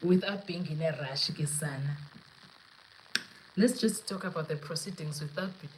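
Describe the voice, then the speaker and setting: A woman's voice: low voice, moderate pace, noisy background. A young South African woman hosting a live podcast, talking casually and animatedly, switching between English and Zulu and laughing often. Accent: South African, mixing in Zulu. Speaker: podcast host. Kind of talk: casual live-stream commentary.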